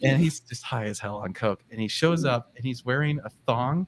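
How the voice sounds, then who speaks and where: A man telling a story in a casual live show chat, swearing freely and acting out quotes in a high voice. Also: animated, moderate pace, a crowd in the background.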